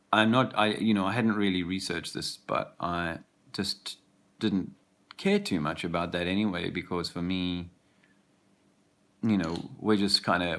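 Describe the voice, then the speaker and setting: A man's voice: low-pitched, fairly bright tone. A man talking hesitantly with many fillers as he walks outdoors, reflecting in a casual vlog. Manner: rambling, hesitant, full of fillers. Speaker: father, vlogger. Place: outdoors, walking a park path.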